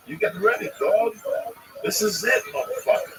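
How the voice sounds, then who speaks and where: Blunt foul-mouthed man, gravelly. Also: high-pitched, lively intonation, moderate pace. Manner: blunt, heavy swearing, preachy advice. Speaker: livestream host. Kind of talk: profane storytelling and ranting. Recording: distant mic in loud noise.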